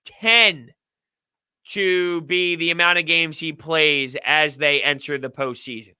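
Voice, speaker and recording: A man's voice: on the high side, steady tone, takes it slowly, sharp tone, clear, resonant tone, no echo. A young man hosting a casual sports podcast, ranting and joking with frequent laughs. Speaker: podcast host.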